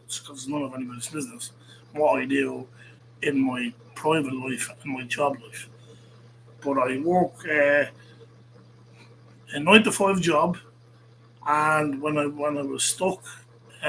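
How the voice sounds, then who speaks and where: A man hosts a show and fires off a rambling, profane rant full of restarts. His voice sits a little above the usual male range. A soft hum runs faintly beneath him throughout. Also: fairly high pitch, poor audio. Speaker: host. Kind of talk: ranting monologue.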